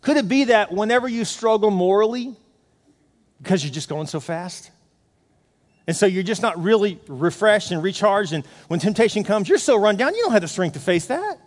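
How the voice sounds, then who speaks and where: A middle-aged man preaching a sermon in a lively, animated way, acting out his own inner voice. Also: high-pitched, moderate pace. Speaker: pastor. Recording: long hall reverb.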